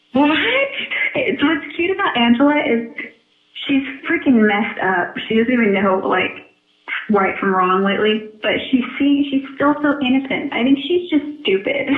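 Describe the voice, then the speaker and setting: A woman in a casual, flirtatious phone chat, chatty and giggly. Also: high voice. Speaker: caller on a recorded phone call. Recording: tinny echoey phone recording.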